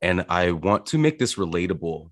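A man's voice: low-pitched, big pitch swings, normal speed, no echo, clean studio sound. A man hosting an interview, earnest and searching for his words. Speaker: host.

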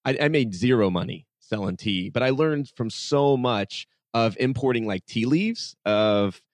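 A man's voice: medium pitch, measured pace, no echo. A man, a podcast guest, telling stories casually and animatedly, acting out the dialogue and saying "like" a lot. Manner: animated, acts out dialogue with many "like"s. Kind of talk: casual storytelling interview.

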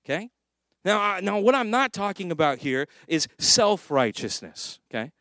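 A man's voice: high voice, very animated, moderate pace, bright, forceful tone, no echo, clean studio sound. A middle-aged man preaching a sermon as pastor, chatty and conversational, slipping into acted voices and asides.

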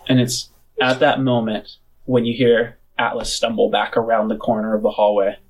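A man narrating as game master of a tabletop game, describing scenes in an unhurried, casual way. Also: mid-range voice, flat delivery, rough recording.

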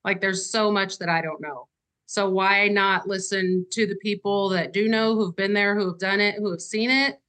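Bright-voiced woman, casual and candid. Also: mid-range voice, fairly even intonation, normal speed. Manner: casual and candid, with frequent "you know" fillers. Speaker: real estate agent. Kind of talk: podcast conversation.

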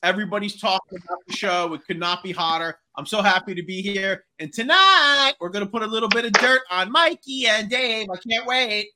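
A man's voice: high voice, brisk, few pauses, sharp tone. A man on a sports podcast panel, hyping up the show with eager enthusiasm. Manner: hyped, enthusiastic. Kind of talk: casual sports chat.

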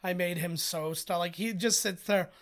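A man's voice: high voice, fairly even intonation, normal speed. A man co-hosting a podcast, chatting casually through a film commentary and telling stories full of filler words. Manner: chatty storyteller who acts out quotes; rambling with many filler words. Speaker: podcast co-host.

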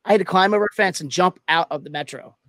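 A man with a somewhat high voice tells a story in casual chat. He keeps a laid-back, dry manner. The recording is close, with no room sound. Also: fast talker, a bit bright, dry recording.

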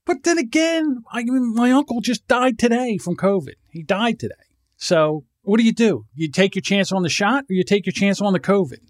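A man's voice: sits high, animated, a little fast, dry recording, clean studio sound. A man co-hosting a podcast, rambling and swearing freely, often laughing. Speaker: podcast co-host. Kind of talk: casual podcast banter.

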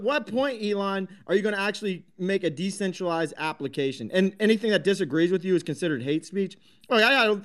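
Casting: high-pitched male host, combative, foul-mouthed rant. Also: fairly bright tone. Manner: combative, heavy swearing, many restarts. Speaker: host of a crypto talk space. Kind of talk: profane live audio-room rant.

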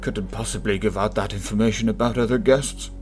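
Laid-back game master. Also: male voice, fairly low pitch, fairly even intonation, brisk, darkish tone, soft background music. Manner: laid-back, laughs often. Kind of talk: narrating a tabletop game.

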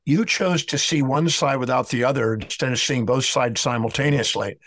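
At medium pitch and normal speed, the man's voice has a fairly bright tone and no room sound. He's an emotional-healing speaker telling an interview story, lecturing with emphasis while acting out both sides of a conversation.

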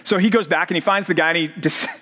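Pastor guy in his 30s, kinda high voice, preaching to college kids and making them fill in the blanks. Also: fast, bright, forceful tone. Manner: quizzes the audience with fill-in-the-blank questions. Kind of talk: sermon. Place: church service for college students.

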